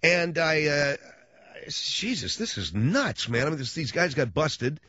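A middle-aged radio host spins rambling, slangy stories with a lively voice that swings up and down in pitch. The recording is dry and dull, like an old lo-fi broadcast. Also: male voice, unhurried, no echo. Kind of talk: casual storytelling monologue.

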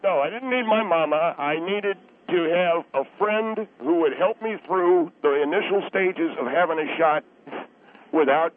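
A man's voice: on the high side, measured pace. A man calling in to a radio show, defensive and stammering. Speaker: caller. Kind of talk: call-in conversation. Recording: tinny phone line.

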